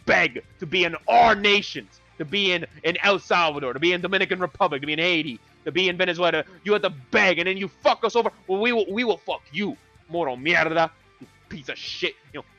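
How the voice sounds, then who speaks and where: Ranting, profane man with a bright, high voice. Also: fast. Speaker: voice chat participant. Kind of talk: heated voice-chat banter. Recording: lo-fi voice chat with faint music.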